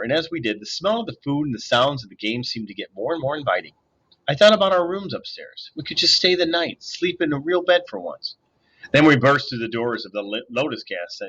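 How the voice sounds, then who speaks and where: A man reads a novel aloud with lively, animated storytelling, his pitch swinging freely. His voice is bright and a little sharp, with a husky edge. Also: dull audio. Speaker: audiobook reader.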